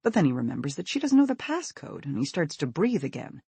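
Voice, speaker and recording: Expressive male audiobook narrator, husky tone. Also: fairly high pitch, fast, no room sound.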